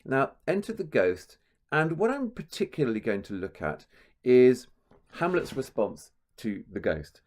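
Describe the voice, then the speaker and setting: A man's voice: medium pitch, sing-song, a little slow, a little mellow. A man giving a spoken literature lesson, thinking aloud with frequent ums and restarts, and reading quoted verse with marked stress. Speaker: literature teacher. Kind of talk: spoken lecture commentary.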